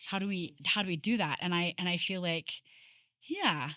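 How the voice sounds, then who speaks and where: A woman podcast host talking in an open, heartfelt way, her voice bright and ringing. She gets emotional and laughs through near tears. The sound is close and dry, with no room around it. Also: fairly low pitch, moderate pace, dry recording. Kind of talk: casual heartfelt conversation.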